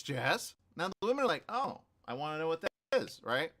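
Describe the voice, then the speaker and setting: A man's voice: fairly high pitch, a little fast. Guy hosting a morning radio show, reads stories out and riffs on them, voice bounces all over, keeps laughing. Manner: animated, laughing, repeats phrases. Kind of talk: reading news stories aloud with joking commentary.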